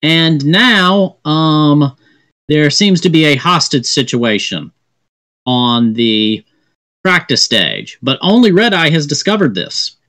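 Slow, halting male game master. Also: on the high side, lively intonation, fairly bright tone. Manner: halting, with many fillers. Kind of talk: narrating a tabletop game.

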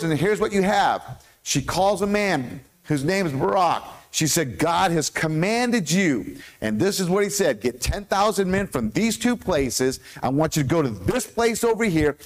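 A man with an American accent preaching a sermon as pastor, animated, with questions to the congregation. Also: high-pitched. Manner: animated, asks the congregation questions, stumbles over hard names.

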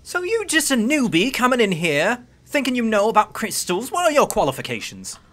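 A man voicing a gruff, bickering female warrior with a Cockney accent. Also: extremely high pitch, huge pitch swings, a little fast, a bit bright, pitched above the performer's own voice, exaggerated voice. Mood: challenging. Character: rough-edged brawler sister Yotul, female.

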